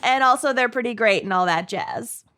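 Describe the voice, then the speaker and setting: A woman's voice: fairly high pitch, moderate pace, fairly bright tone. A woman, co-hosting a casual podcast chat in a bubbly, giggly way. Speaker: podcast co-host.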